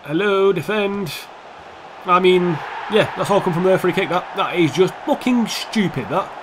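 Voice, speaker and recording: A young man giving casual, foul-mouthed commentary over his own football video game, switching between calm play-by-play and heated rants. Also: high voice, normal speed, background noise. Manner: swears a lot, swings from calm play-by-play to heated outbursts. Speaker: gaming YouTuber.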